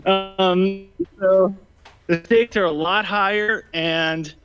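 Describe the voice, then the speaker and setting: A man's voice: high-pitched, fairly even intonation, slow, a bit bright, clear, resonant tone, faint music behind. A man in a casual political debate, a little out of breath, talking with many ums and restarts. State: slightly out of breath. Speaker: debate guest. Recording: dull lo-fi sound.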